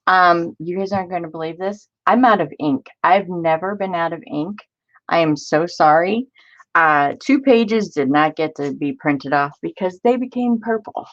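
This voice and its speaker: A woman with a lowish voice chats through a casual crafting live stream, upbeat and quick to greet her viewers by name. The audio is dull and a little lo-fi. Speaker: crafting channel host.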